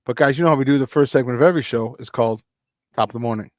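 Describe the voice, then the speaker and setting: A man from hosting a casual morning sports talk show, rambling and excitable, breaking into laughs. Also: mid-range voice, racing.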